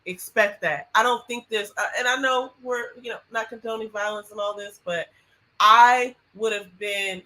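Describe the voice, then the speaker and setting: A woman talks on a podcast in a bright, forward voice. She is expressive and quick to react, chiming in with short interjections. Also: mid-range voice, rough recording. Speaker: podcast co-host. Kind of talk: casual chat.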